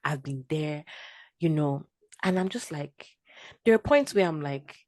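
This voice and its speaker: A woman, a podcast guest telling her story in a casual, animated way and acting out her own quotes. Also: deep voice, unhurried, no echo. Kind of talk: casual testimony chat.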